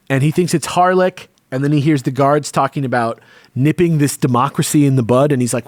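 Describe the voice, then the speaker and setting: A man co-hosting a podcast, casually recapping a comic with loose, profane storytelling and quick acted-out quotes. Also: mid-range voice, no echo, clean studio sound. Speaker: podcast co-host.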